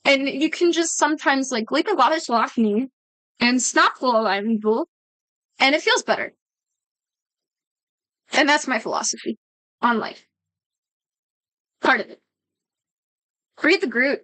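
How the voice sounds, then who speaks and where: A woman's voice: high-pitched, lively intonation, moderate pace, long pauses, pushed and bright, no room sound, low-quality recording. A woman streamer chatting casually with her viewers, rambling, swearing freely and often breaking off mid-sentence. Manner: rambling, profane, self-interrupting. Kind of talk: casual livestream chat with viewers.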